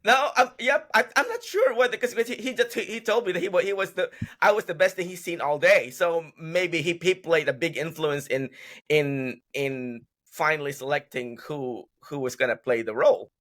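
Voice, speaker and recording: Bright, rambling male actor telling stories. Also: fairly high pitch, normal speed. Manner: rambling storyteller, many restarts. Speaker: guest actor. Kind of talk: casual podcast interview. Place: podcast recording.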